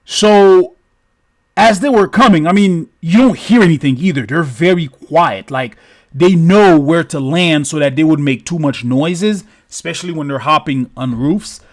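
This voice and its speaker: A man's voice: on the high side, measured pace. Profane rambling male storyteller. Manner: profane, rambling, repeats sound effects. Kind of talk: casual improvised storytelling.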